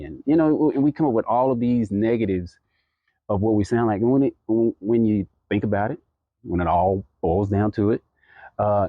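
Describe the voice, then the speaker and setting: A man's voice: fairly low pitch, mellow, no echo. A man talking to camera, giving earnest, encouraging advice with plenty of fillers and restarts. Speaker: podcast creator giving advice. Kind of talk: casual motivational talk to camera.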